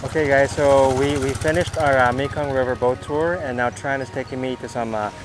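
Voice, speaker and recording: A man's voice: medium pitch, fairly even intonation, fairly quick, over music, poor audio. A man filming a casual travel vlog outdoors along a river, talking loosely to the camera with lots of fillers and restarts. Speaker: travel vlogger.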